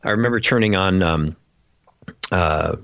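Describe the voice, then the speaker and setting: Man, very low voice, casual podcast chat, rambling with fillers, dry close sound. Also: unhurried, gravelly, a bit bright, no room sound, dull audio. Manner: rambling, many fillers and restarts. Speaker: podcast guest.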